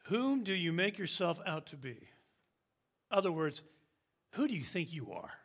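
A man preaching a sermon, slow and emphatic, with dramatic pauses. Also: on the high side, very animated, fairly bright tone.

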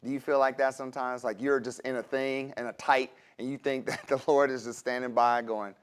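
Man preaching, conversational, laughing asides, reads scripture aloud, middle pitch. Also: little pitch movement, brisk, few pauses, clear, resonant tone. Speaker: pastor. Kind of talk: sermon.

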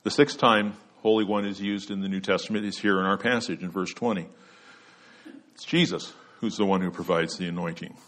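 A man's voice: deep voice, steady tone, brisk, a bit bright. A man preaching an expository sermon, earnest and emphatic, letting his voice drop at the end of each point.

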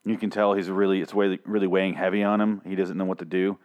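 A man's voice: deep voice, level tone, fast talker, lo-fi sound. Rambling, profane man recapping TV. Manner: rambling, profane, self-mocking. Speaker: TV episode recapper. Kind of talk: casual solo recap.

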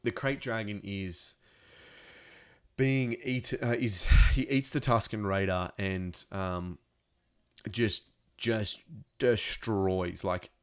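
A man with a fairly low voice talks through an episode off the cuff. He stumbles, restarts and drops in sound effects as he goes, getting more excited at the big moments. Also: takes it slowly, long pauses, clean tone. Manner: rambling, animated, with many restarts and sound effects. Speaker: show recapper. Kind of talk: casual spoken recap.

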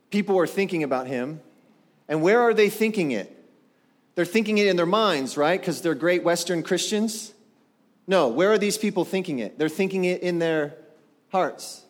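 A male pastor preaching a sermon in an animated way, asking the congregation rhetorical questions. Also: on the high side. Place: church sanctuary. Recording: long hall reverb.

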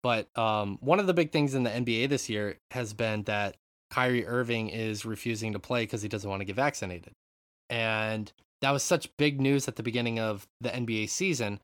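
A man hosting a casual gaming podcast, animated and rambling, with free swearing. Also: fairly low pitch, normal speed, no room sound, clean studio sound. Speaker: podcast host. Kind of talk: casual chat.

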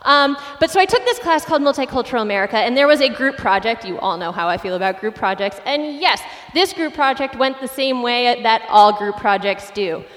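A woman pastor in her late twenties, preaching a sermon with animated, self-deprecating personal stories. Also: fairly high pitch, fairly quick, few pauses, big-room sound.

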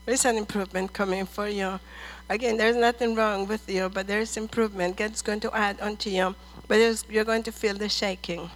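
A middle-aged woman ministering prophetic words over people in church, earnest and measured, calling them dear and brother. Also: mid-range voice, steady tone, rough recording.

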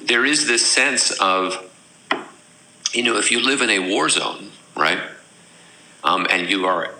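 Halting, bright-voiced man co-host. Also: low voice, slight background noise, low-quality recording. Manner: thoughtful, halting, searching for words. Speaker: podcast co-host. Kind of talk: casual chat.

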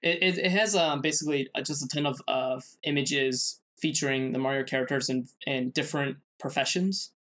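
A man of middle pitch co-hosting a casual podcast. He presents his researched segment in a halting way, leaning on fillers and restarting sentences. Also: steady tone, a bit bright. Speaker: podcast co-host.

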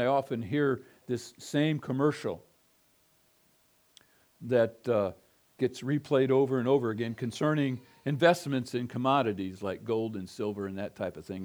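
A man's voice: medium pitch, normal speed, darkish tone. A middle-aged male pastor preaching an expository sermon, emphatic and given to repeating phrases with building intensity.

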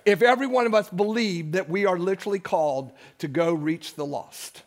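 A man with a notably high voice preaches to his church congregation. He talks with passion and stacks up repeated phrases to build each point, speaking into a stage microphone in the sanctuary. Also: a little fast. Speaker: pastor. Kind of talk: sermon.

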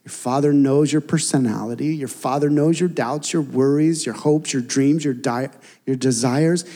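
A man preaching a sermon as a pastor, earnest and conversational, sometimes dropping to a soft, intimate tone. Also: medium pitch, moderate pace, big-room sound.

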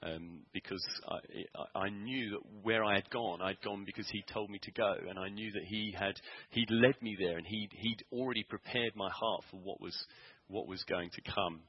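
A man preaching in church, telling a personal story earnestly with frequent pauses, ums and restarts. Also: fairly low pitch, breathy edge, no echo, dull audio. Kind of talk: sermon testimony.

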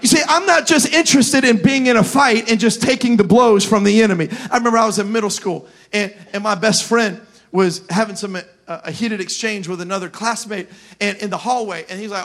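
A young man preaching a sermon as pastor at a church service, animated and building to shouts. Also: sits high, a little fast.

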